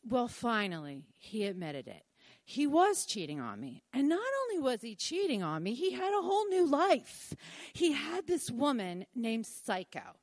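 Woman, middle-aged, live storytelling, animated, high pitch. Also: moderate pace, no echo. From Philadelphia. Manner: animated, acts out her own and others' lines.

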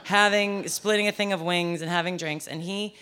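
Low-voiced woman telling a personal story. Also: steady tone, moderate pace, sharp tone, smooth. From US East Coast. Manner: conversational, self-deprecating, with frequent restarts.

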